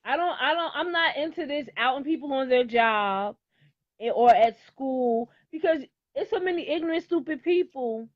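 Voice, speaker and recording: A woman's voice: high voice, lively intonation, normal speed, dry recording, dull audio. A middle-aged woman in casual chat, talking in a blunt, outspoken and emphatic way.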